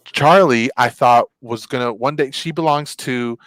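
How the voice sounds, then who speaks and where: Male co-host, mid-pitched, animated storyteller who jumps up in pitch to act out his reactions, dry close recording. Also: a little slow, no echo. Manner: animated, acts out his own past reactions in a high voice. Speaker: show co-host. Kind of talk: casual storytelling chat.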